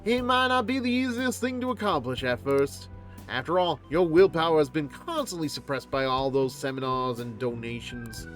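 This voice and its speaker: A man's voice: on the high side, moderate pace, a bit bright, faint music behind, pitched below the performer's own voice, close to an everyday voice. A man voicing an earnest young woman fortune teller, talking solemnly and from the heart, now and then slipping into a blunt country dialect while reading game dialogue aloud on stream. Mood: heartfelt.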